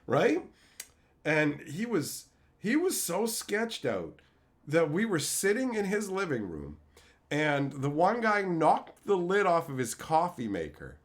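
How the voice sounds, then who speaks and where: Animated man telling stories on a live stream. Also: a little high, unhurried. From Canada. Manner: animated, swings into loud shouted quotes. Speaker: streamer opening card packs. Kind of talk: casual live-stream storytelling.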